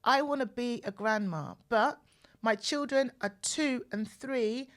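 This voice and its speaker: A woman in her forties hosting a podcast, telling personal stories in an animated way and repeating phrases for emphasis, close to the mic. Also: a little high, a little slow. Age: 40s. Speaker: podcast host. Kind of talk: personal storytelling monologue. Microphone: mic close to the mouth.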